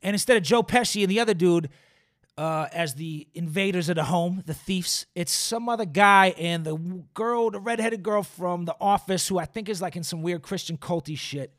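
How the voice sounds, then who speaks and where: A man's voice: high voice, normal speed, a bit bright, dry recording, clean studio sound. A man in his forties hosting a solo podcast, ranting in a profane, sarcastic, wry way. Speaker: podcast host.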